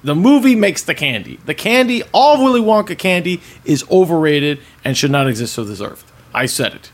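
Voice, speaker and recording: A man co-hosting a comedy podcast, laughing often and making loud mock-defiant claims. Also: fairly high pitch, sing-song, fairly quick. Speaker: podcast co-host. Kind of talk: casual comedy podcast chat.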